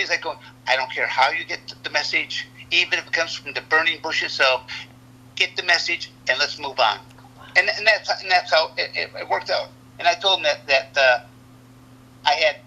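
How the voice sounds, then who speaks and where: A man's voice: on the high side, bright, forceful tone, poor audio. A man in his sixties from the United States, a retired wrestler telling long rambling stories in a casual interview, often repeating words and restarting sentences. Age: 60s.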